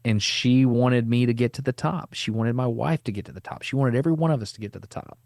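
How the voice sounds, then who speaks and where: A middle-aged man hosting a podcast, telling a long personal story in a casual, animated way, with easy slang. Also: mid-range voice, fast, creaky, no echo, studio quality. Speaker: podcast host.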